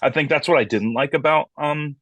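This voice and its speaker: Appearing as an interview guest, the frontman of a metal band chats casually, cursing freely and performing the voices of people in his stories. His pitch is fairly high, his pace a little quick, and there's no room sound.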